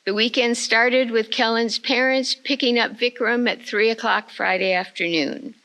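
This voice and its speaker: An older woman giving a retreat talk, telling a family story in a slow, measured way. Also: a little high, fairly even intonation, pushed and bright, low-quality recording. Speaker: retreat speaker.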